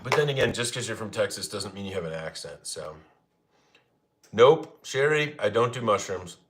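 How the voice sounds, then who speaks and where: A man's voice: fairly low pitch, animated, moderate pace, a bit bright. A young man from Arizona casually chatting and joking with viewers while he cooks at home on a livestream. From Arizona, United States. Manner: joking, chatty, laughs often. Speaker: livestream cooking host. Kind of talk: casual live chat reading comments. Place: home kitchen.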